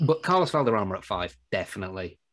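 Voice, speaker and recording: A man's voice: fairly low pitch, very animated, fast, a bit bright. A man co-hosting a podcast, rambling and joking in casual chat with frequent laughs. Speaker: podcast co-host.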